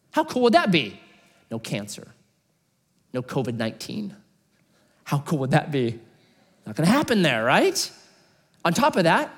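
Middle-aged male pastor, animated storyteller, slightly high and very expressive pitch. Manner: animated storytelling, rhetorical questions. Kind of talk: sermon.

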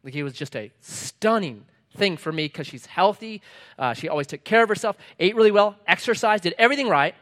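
A middle-aged pastor delivers a sermon in a slightly higher-pitched man's voice. He punches out short lines with force, then drops low and soft for asides. Scripture he reads slowly and with weight. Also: animated. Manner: emphatic, swings between loud punchy lines and quiet low asides.

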